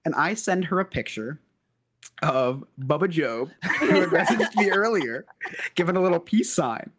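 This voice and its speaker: A man's voice: fairly high pitch, normal speed, breathy edge. A man co-hosting a comedy podcast, telling a story and reading out messages with frequent laughter. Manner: animated, laughing often. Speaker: podcast co-host.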